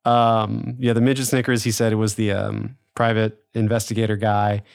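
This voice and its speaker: A man's voice: on the low side, level tone, normal speed, creaky, no room sound, clean studio sound. A man co-hosting a podcast, chatting casually about an episode, laughing often and trailing off with fillers. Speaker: podcast co-host. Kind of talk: casual chat.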